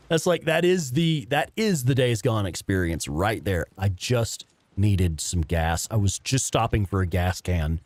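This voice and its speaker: A man's voice: lowish voice, animated, takes it slowly, darkish tone, no room sound. A man in his fifties casually commentating a video game, laid-back, laughing often and swearing freely. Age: 50s. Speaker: gameplay streamer. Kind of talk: casual let's play commentary.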